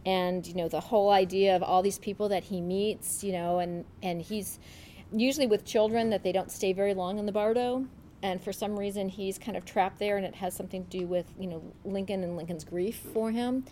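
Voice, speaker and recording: A woman's voice: mid-range voice, fairly even intonation, brisk, warm tone, slight background noise. A woman giving a casual, chatty book talk, hesitant, with many fillers and restarts. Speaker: book club presenter. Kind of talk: casual book talk with read-aloud passage.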